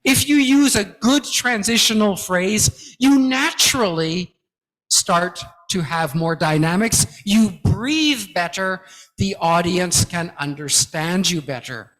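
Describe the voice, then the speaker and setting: A man giving a guest lecture to academics, teaching slowly and emphatically and often checking in with "okay?". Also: sits high, a bit bright. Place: large lecture hall. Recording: long hall reverb.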